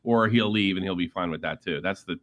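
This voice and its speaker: A man's voice: deep voice, fairly quick, fairly bright tone, lo-fi sound. A man cohosting a live podcast, complaining in frustration about a fellow cohost. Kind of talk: casual chat on a live podcast.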